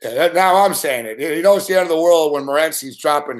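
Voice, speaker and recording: A man's voice: fairly high pitch, quick pace. A young man hosting late-night sports betting commentary, ranting angrily and swearing at a referee. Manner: profane angry ranting.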